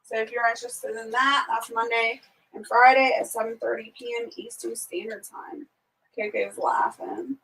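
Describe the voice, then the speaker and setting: A chatty woman hosts a relaxed morning livestream from her home on a small farm. She laughs easily and calls out hellos to viewers by name in a fairly high voice. She sits a little back from the microphone. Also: moderate pace, vocal fry, far from the mic, slight background noise, low-quality recording. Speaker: livestream host. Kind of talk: casual morning livestream chat.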